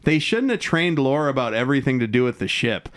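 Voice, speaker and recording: A man's voice: mid-range voice, brisk. A young man co-hosting a podcast, casually recapping a TV episode, acting out lines from it and swearing freely. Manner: animated, acts out quoted lines, swears casually. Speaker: podcast co-host.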